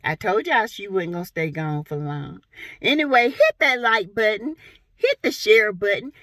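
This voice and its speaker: A woman's voice: medium pitch, sing-song, normal speed, fairly bright tone, no room sound. A woman from South Carolina giving blunt, sassy gossip commentary on reality TV. She talks to her viewers in a playful, exclamatory way.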